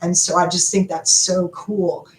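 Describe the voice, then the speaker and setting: A middle-aged woman hosting a live stream, talking to viewers in an animated, emotional and rambling way, often laughing. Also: fairly low pitch, measured pace. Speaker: livestream host. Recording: echoey room with faint background noise.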